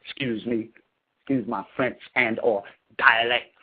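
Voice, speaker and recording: A man's voice: mid-range voice, steady tone, measured pace, husky. A man preaching to his followers in an emphatic, scolding manner, slangy and salted with cursing. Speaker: spiritual leader. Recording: tinny phone-like sound.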